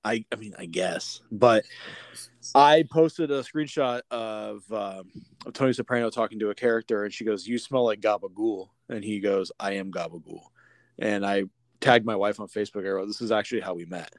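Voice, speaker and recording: A man's voice: on the low side, normal speed, dry recording, clean studio sound. Rambling, swearing male podcast co-host. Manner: rambling, swears freely, many restarts. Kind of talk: casual podcast chat.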